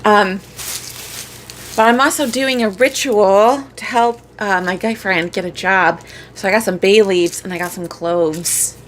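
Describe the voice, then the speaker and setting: A woman in her forties talks casually to camera as a vlogger, in a voice of middling pitch. She rambles and stops herself often, full of fillers. Clear background noise runs under the recording. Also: measured pace. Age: 40s.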